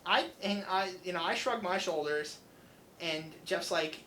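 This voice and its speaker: A man's voice: sits high, unhurried, a little hiss or hum, low-quality recording. A young man hosting student radio, animatedly retelling a story and acting out the dialogue. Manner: animated, acts out customer dialogue. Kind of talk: casual storytelling.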